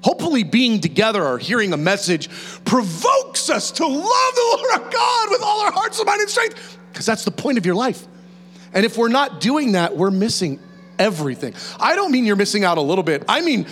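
A man preaching a sermon in an animated, conversational way, with restarts and quick laughs. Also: high-pitched. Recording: reverberant hall, faint mains hum.

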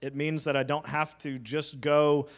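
Guy preaching a sermon, a bit higher voice, super conversational, tosses in like and you know, cracks little jokes. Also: level tone, unhurried. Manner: conversational teaching with casual fillers and joking asides.

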